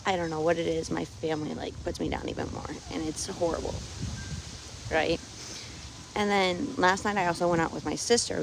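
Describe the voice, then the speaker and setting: Fed-up woman venting outdoors, low-pitched. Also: gravelly, background noise. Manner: frustrated, keeps tagging "right?". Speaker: vlogger. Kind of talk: casual venting monologue. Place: outdoors on her farm, windy.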